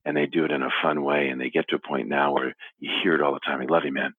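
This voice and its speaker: Middle-aged man, low and husky, heartfelt and halting, on a phone call. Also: level tone, no room sound. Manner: earnest, halting with restarts, walking while talking. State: teary. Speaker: interview guest, foundation founder. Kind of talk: emotional phone interview. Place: his office. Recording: phone line.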